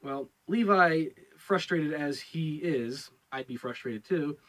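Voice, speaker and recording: A man's voice: a little high, takes it slowly, fairly bright tone, poor audio. A man giving a casual review of a TV episode, rambling and repeating his words with many fillers. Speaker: show reviewer.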